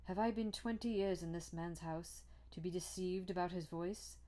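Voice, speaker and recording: Nervous old butler guy, harsh and broken, low warm voice, read by a woman. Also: moderate pace, lightly acted. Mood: anxious, urgent. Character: frightened old male butler, anxious.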